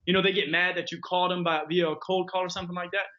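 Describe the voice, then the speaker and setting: High, bright-voiced laughing male guest. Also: flat delivery, racing, lo-fi sound. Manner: laughing, personable, high energy. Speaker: guest, real estate agent. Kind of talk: casual chat.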